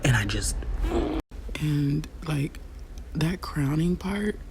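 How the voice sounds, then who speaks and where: A young woman vlogger who tells a personal story in a casual, animated way, swearing freely and talking straight to her viewers. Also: deep voice, takes it slowly, a little hiss or hum. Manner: animated, swears freely, acts out quotes, talks to viewers directly.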